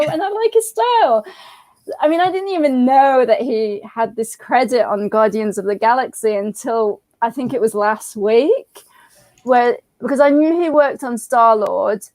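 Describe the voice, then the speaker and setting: A woman's voice: a little high, a little mellow, no room sound. A woman with a British accent, chatting as a guest in a casual interview and telling stories with frequent restarts. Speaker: interview guest, comic book creator.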